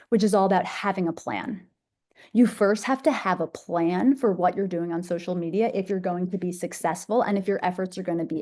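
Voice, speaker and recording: A woman's voice: fairly low pitch, dark tone. A young woman presenting a masterclass, bubbly, enthusiastic and conversational. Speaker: social media speaker.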